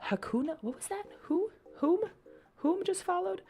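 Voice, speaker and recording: A woman's voice: extremely high pitch, animated, normal speed, dark tone, soft background music. A young woman chatting casually and giggling with her viewers on a live stream.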